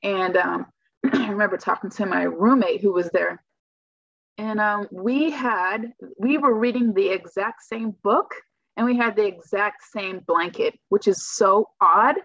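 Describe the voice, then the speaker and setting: A young adult woman with a medium-pitched, slightly bright voice speaks at a measured pace in a casual, chatty interview, recounting her own experience and acting out her reactions. The recording is dull, lo-fi, and dry, with no room sound.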